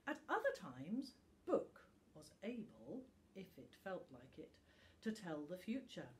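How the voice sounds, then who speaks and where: Slow, gentle woman reading a bedtime story. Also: on the low side, slight background noise. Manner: calm, gentle storytelling with dramatic pauses. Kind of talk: bedtime story read-aloud.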